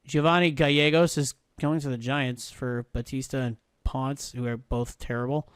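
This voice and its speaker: A man's voice: mid-range voice, steady tone, normal speed, creaky, few pauses, clean tone, no echo, studio quality. Swearing man streaming a baseball game. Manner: swears freely, mutters and thinks aloud. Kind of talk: casual live-stream commentary.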